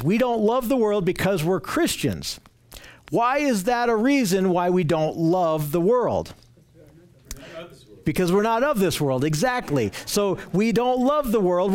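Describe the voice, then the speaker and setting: Male Bible teacher, high voice, earnest and emphatic, repeats words on restarts. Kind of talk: Bible study lesson.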